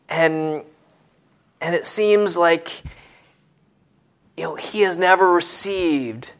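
A man preaching a sermon in an expressive way, dropping to hushed tones and then rising to emphatic points. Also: on the high side.

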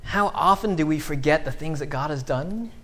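A man in his thirties preaching a conversational sermon, acting out quotes with lively sarcasm. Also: on the high side, moderate pace. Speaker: pastor.

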